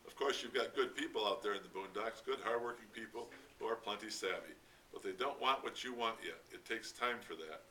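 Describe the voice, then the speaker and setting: A man voicing a gruff older American construction engineer who speaks bluntly and swears impatiently, read from a distance with faint noise. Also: fairly low pitch, brisk, pushed and bright.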